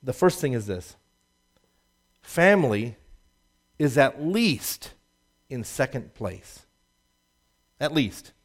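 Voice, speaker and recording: Animated male pastor preaching. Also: slow pace, pauses often. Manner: animated preaching, rising loud for emphasis and dropping low; laughs at his own jokes. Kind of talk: sermon.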